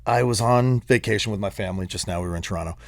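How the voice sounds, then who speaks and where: A man in his forties, a podcast co-host, telling a family story in casual chat and acting out the shouted parts. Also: fairly low pitch, racing, gravelly, no room sound, clean studio sound. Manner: animated, acts out his own yelling in the story.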